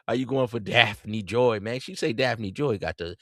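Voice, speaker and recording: A man's voice: on the low side, moderate pace, few pauses, fairly bright tone, no echo, clean studio sound. A man hosting a podcast, teasing and roasting his co-host with bursts of mock outrage. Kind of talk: comedic casual chat.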